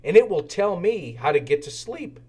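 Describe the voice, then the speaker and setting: A man's voice: high-pitched, moderate pace, slightly rough, voice pushed up, exaggerated voice. A man voicing a small, eager young tank engine who cannot sleep, in a storybook reading. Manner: excited, pleading.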